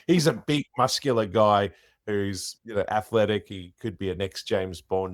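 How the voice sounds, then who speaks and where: An Australian middle-aged man, an impersonator, telling his story in a chatty, animated way as an interview guest. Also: fairly low pitch, moderate pace, no room sound, clean studio sound.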